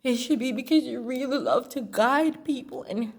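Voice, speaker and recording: A woman with a somewhat high voice speaks straight to the camera in a candid personal monologue. She talks bluntly and swears freely, and she pours real feeling into her stories. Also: moderate pace, hardly any pauses, a little mellow, husky. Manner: blunt, profane and emphatic; earnest, emotional storytelling.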